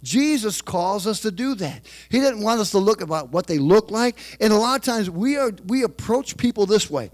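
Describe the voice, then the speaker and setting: A man preaching a sermon, calling for amens from the congregation and dropping into quiet asides. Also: sits high, animated, normal speed, few pauses. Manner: preaching with call-and-response, switches between quiet asides and raised emphasis. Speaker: pastor.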